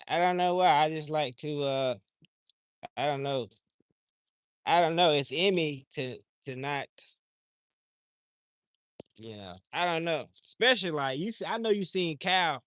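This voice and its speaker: A man's voice: a little high, a little slow, long pauses, fairly bright tone, clear, resonant tone, dry recording. A man livestreaming outdoors, talking in a loose, rambling, slangy way and often repeating himself. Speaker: livestream host. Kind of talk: casual rambling chat.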